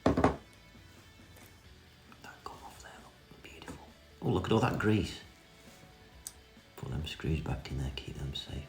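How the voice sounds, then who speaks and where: A man's voice: a bass voice, lively intonation, normal speed, pauses often, a little mellow, whispered. A man giving a cheeky, self-mocking running commentary in a casual hands-on repair tutorial. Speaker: vintage reel restorer. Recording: echoey room with music behind.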